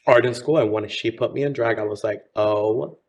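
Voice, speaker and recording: A man's voice: mid-range voice, quick pace. A man in his thirties, a drag performer from Miami, chatting campily in an interview and calling people honey. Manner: campy, chatty, says honey. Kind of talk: casual interview chat.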